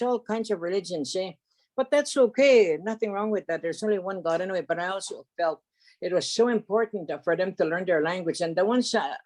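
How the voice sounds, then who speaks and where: An older woman from Canada, an elder telling stories from her life in an unscripted, halting way, often restarting and adding "eh?". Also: fairly low pitch, a little mellow. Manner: halting, with many restarts, fillers and a tag "eh?". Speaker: elder storyteller. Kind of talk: unscripted spoken storytelling.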